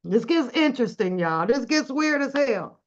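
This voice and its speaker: Animated swearing middle-aged woman vlogger. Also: on the high side, normal speed. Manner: animated, swears, addresses viewers as y'all. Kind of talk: casual storytelling to viewers. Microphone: phone camera. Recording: dull lo-fi recording.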